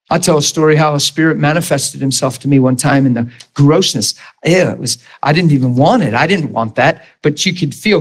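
A man preaching an informal sermon to a Bible school class, earnest and emphatic, laughing often and asking the room questions. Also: mid-range voice. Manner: laughs often, jokes with the class, acts out quoted voices.

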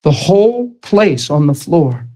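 A man preaching, retelling a story in an animated, emphatic way with lots of repetition. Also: a little high, a little slow, low-quality recording. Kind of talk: storytelling sermon.

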